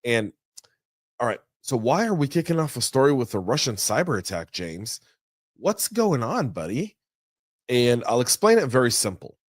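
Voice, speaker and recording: A man hosting a news podcast, talking through the stories in a chatty, energetic way with folksy asides. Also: medium pitch, normal speed, no echo, clean studio sound. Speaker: podcast host. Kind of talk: casual news commentary. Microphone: studio mic.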